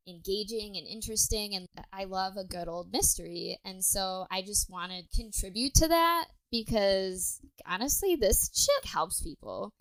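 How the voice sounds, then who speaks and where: A woman's voice: medium pitch, fairly bright tone, dry recording, poor audio. A young adult woman co-hosting a casual podcast, telling a history story with plenty of swearing and tangents. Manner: swears freely, chatty and tangent-prone.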